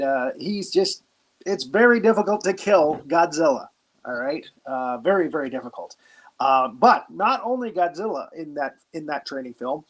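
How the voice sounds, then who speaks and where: A man playing a retired army general who briefs cadets, hosting in a halting, mock-official way with many pauses. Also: a little high, a bit bright. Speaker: host. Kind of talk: improvised comedy character.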